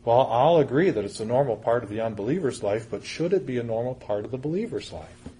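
A man's voice: mid-range voice, expressive, fast talker, mellow, a little hiss or hum. A man preaching a sermon, reading scripture aloud and explaining it in an earnest, conversational way. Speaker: pastor.

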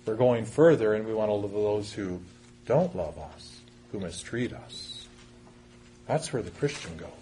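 A man's voice: fairly low pitch, expressive, measured pace, dark tone, a little hiss or hum. A man preaching a sermon, reading scripture aloud and explaining it in an earnest, conversational way. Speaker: pastor.

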